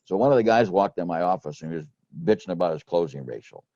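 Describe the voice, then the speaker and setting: Gravelly low-voiced man telling sales stories. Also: lively intonation, quick pace, warm tone, dry recording, lo-fi sound. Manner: rambling, repeats and restarts, folksy. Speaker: former insurance sales manager telling sales stories. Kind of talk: casual storytelling chat.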